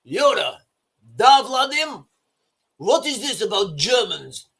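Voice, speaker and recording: A man's voice: high-pitched, lively intonation, takes it slowly, gravelly, a bit bright, slightly rough, heavily acted. A man voicing a Russian man in a clumsy put-on Russian accent. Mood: mocking. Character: Russian man in a mock phone call.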